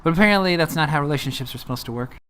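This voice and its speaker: A man's voice: a little high, expressive, racing, fairly bright tone, a little hiss or hum. Rambling self-mocking young man storyteller. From California. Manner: self-deprecating, rambling with fillers. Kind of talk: casual spoken storytelling.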